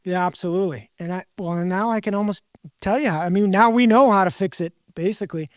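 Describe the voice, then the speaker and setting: A man's voice: high voice, quick pace, dry recording, clean studio sound. A man hosting a podcast, talking candidly in a rambling, self-deprecating way. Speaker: podcast host. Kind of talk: casual podcast conversation.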